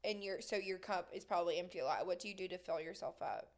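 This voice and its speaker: A woman's voice: on the low side, fast. A young woman hosting a podcast in casual chat, laughing often and teasing playfully. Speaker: podcast host.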